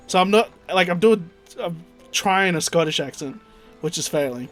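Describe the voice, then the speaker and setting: A man's voice: high voice, lively intonation, normal speed, soft background music. Man joking through gameplay commentary. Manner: joking, self-mocking asides. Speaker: gaming video creator.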